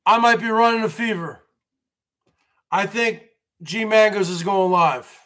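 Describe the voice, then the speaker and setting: A man hosting a livestream speaks a little slowly, stretching out his phrases in a high, bright voice with some tension in it. His monologue is a repetitive rant, peppered with remarks to viewers he calls folks.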